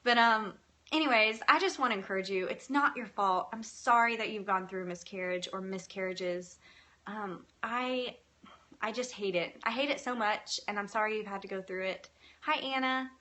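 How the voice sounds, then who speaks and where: A woman hosting a live video, speaking in an earnest, gentle and encouraging way as she reads viewer comments. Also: mid-range voice, normal speed. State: tearful at times. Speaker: faith-based live video host. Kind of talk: live-stream talk, reading comments.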